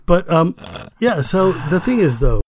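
A young American man in casual chat, animated and laughing often, his pitch leaping up when he gets excited. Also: a little slow, slightly rough, dry recording, studio quality. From United States.

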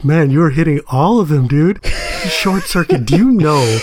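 A young American man in casual chat, animated and laughing often, his pitch leaping up when he gets excited. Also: measured pace, a crowd in the background. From United States.

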